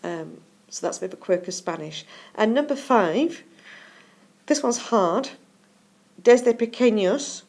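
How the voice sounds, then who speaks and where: Casting note: woman teacher, mid-pitched, patient and methodical, slows and leans on key words while explaining exam answers. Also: lively intonation, creaky.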